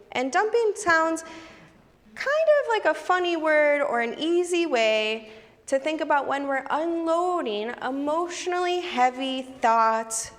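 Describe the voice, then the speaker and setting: A woman's voice: sits high, full character voice. A woman voicing a kind trash panda puppet in a children's church skit, explaining patiently and encouragingly. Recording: long reverb of a church hall.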